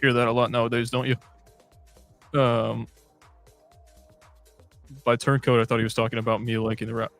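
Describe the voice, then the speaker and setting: A man's voice: mid-range voice, completely flat delivery, moderate pace, pauses often, a bit bright, soft background music. A man hosting a casual fan livestream, reading chat comments aloud in a chatty, scattered way.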